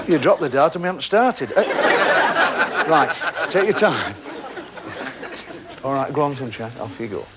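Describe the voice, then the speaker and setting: A man's voice: medium pitch, heavy background noise. A man hosting a television game show, chatting and teasing the contestants in a jokey way. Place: television studio.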